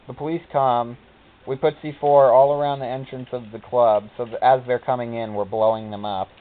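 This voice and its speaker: A man giving casual gameplay commentary, telling rambling stories and quoting characters in silly voices. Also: mid-range voice. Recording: tinny phone-like recording.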